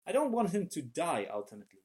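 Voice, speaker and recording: A man preaching a sermon in an animated way, often repeating words as he searches for the right phrase. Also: a little high, fast, husky.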